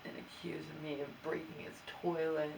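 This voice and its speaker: A woman's voice: deep voice, level tone, normal speed, creaky, distant mic, noisy background. A woman vlogger venting her grievances in an aggrieved, exasperated way, stammering and restarting as she talks. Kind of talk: venting personal vlog.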